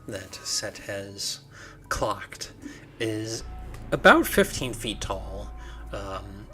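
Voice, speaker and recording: A man narrating a tabletop game as game master, unhurried, with many filler ums. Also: lowish voice, a bit bright.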